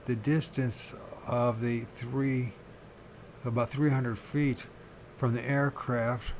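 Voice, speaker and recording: Slow, halting man reading aloud. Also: mid-range voice, slight background noise. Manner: slow halting reading with restarts and self-corrections; pauses to question his own pronunciation. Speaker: reader of a paranormal book.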